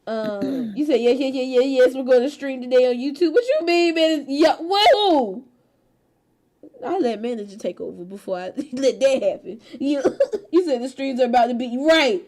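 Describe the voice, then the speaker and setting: A woman's voice: sits high, animated, normal speed, darkish tone. A woman hosting a casual stream chat, laughing often, swearing freely and teasing her friends. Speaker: streamer host.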